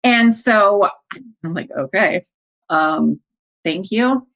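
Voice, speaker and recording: A woman's voice: medium pitch, animated, slow pace, dull audio. A woman, a coach and podcast host, telling a personal story as an emotional monologue, acting out her own and her family's words. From American Midwest. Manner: emotional, breathless retelling with quoted dialogue.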